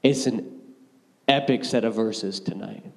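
A man preaching a youth sermon, joking and telling animated stories as youth pastor. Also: fairly low pitch, measured pace, gravelly. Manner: energetic, joking, animated storytelling. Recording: hall reverb.

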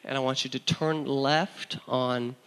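A man voicing a calm, patient mother who gives steady, soft directions. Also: medium pitch, unhurried, clean tone, in a large hall. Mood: reassuring.

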